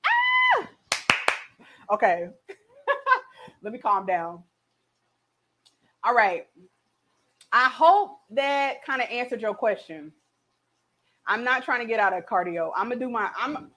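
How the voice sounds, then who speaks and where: A woman's voice: fairly high pitch, a bit bright. Bubbly woman hosting a cooking chat. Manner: bubbly and exclamatory, keeps calling to the viewers. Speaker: cooking show host. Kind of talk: casual cooking chat with viewers.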